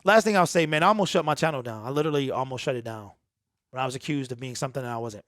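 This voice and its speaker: A man with a mid-range, fairly bright voice talks rapid-fire in a clean studio recording with no room sound. He hosts his own sports talk channel and delivers a raw, unedited monologue to his viewers, emphatic, repetitive, earnest and emotional.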